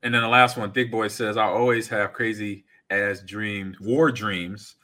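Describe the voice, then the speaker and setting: A man in his forties co-hosting a casual podcast chat, reading out chat comments and acting out stories loudly. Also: fairly low pitch, measured pace. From California. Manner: animated storyteller, acts out scenes loudly. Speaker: podcast co-host.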